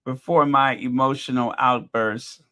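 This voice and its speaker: His medium-pitched voice is steady, measured and sharp in tone. As host of a casual live commentary stream, he sounds chatty and exasperated, working things through aloud for his viewers.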